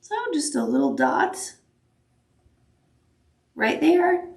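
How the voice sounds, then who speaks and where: A woman's voice: high-pitched, huge pitch swings, takes it slowly, gravelly, darkish tone, reverberant. A woman teaching a sewing machine appliqué tutorial, upbeat and encouraging as she talks the viewer through each step. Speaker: quilting instructor.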